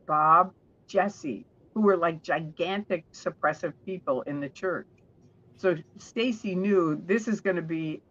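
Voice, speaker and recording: A woman guest telling stories in an interview, chatty and warm, often restarting her sentences. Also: on the low side, muffled recording.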